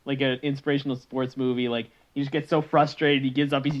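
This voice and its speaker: A man's voice: medium pitch, level tone, fast. A man co-hosting a podcast in casual chat, loose and laughing, sometimes slipping into goofy voices. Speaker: podcast co-host. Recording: slightly dull lo-fi mic.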